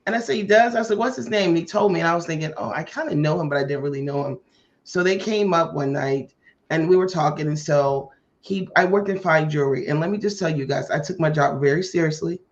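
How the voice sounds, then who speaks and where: A woman hosting a podcast tells a personal story in a relaxed, chatty way. She slips into the voices of the people she quotes and acts out their lines with energy. The recording sounds muffled and lo-fi. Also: deep voice, fast talker. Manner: animated, acts out quoted dialogue. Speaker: podcast host. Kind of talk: casual storytelling chat. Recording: muffled lo-fi audio.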